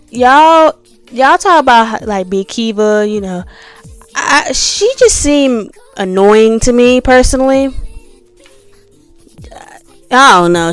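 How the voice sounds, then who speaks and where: Chatty woman with smooth voice, faint music. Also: mid-range voice. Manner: chatty, repetitive fillers, mocking whiny imitations. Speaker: reality show commentator. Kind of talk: casual rating commentary.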